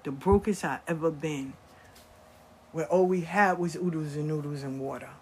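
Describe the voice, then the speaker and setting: A woman's voice: sits low, normal speed, a little hiss or hum. A middle-aged woman telling stories from her life in blunt, profane casual talk, acting out the voices of the people she quotes. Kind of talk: casual storytelling.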